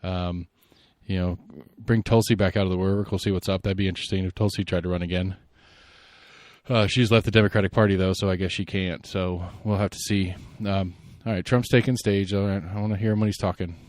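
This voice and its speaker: A man hosting a solo podcast, giving rambling, opinionated political commentary and thinking out loud. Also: sits low, steady tone, brisk, dry recording, clean studio sound. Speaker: podcast host.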